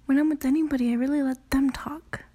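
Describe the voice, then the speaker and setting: A woman's voice: high voice, fairly even intonation, quick pace, warm tone. A woman in her late teens hosting her own podcast, talking in a rambling, self-conscious way, swearing often and filling gaps with "you know" and "I don't know". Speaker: podcast host. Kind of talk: casual solo podcast talk.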